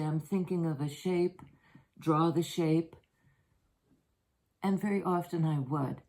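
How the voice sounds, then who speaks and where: An older woman and grandmother giving a tarot reading, talking in a soft, meandering, personal way with many fillers. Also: fairly low pitch, low-quality recording. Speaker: tarot reader. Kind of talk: reflective spoken reading. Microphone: handheld or propped camera.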